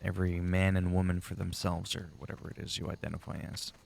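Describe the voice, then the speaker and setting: A man's voice: sits low, flat delivery, quick pace, gravelly, a little mellow, slight background noise. A man giving casual, rambling commentary while playing a game, chatty and swearing freely. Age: adult, long-time player. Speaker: gaming channel host.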